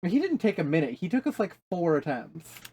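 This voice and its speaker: A man's voice: high voice, very animated, brisk, dark tone, slight background noise. Rambling, swearing male podcast co-host. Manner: rambling, restarts often, swears freely. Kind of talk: casual chat.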